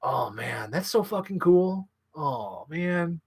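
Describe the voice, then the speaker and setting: Man, slightly high voice, excitable, rambling, profane, lots of fillers. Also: takes it slowly, few pauses, slightly rough. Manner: enthusiastic, profane, filler-heavy. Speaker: channel host.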